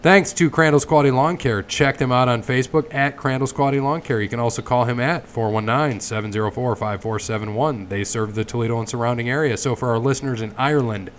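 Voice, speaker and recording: A man hosts a relaxed sports podcast, reading sponsor plugs. His voice sits at an ordinary middle pitch, with a faint hiss of background noise under it. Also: fast talker, few pauses. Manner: chatty, reads sponsor plugs. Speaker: podcast host. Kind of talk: casual podcast chat.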